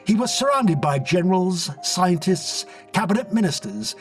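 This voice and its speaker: Expressive man reading a story. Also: high-pitched, moderate pace, soft background music. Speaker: narrator. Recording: dry, distant mic.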